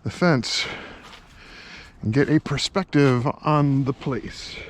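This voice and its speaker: A man narrating a casual vlog as he explores an old industrial site, musing and halting with many fillers, from a helmet-mounted camera. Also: medium pitch. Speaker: vlogger exploring a historic site. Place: outdoors near rail lines and traffic. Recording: outdoor noise, traffic. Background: clear street and vehicle noise.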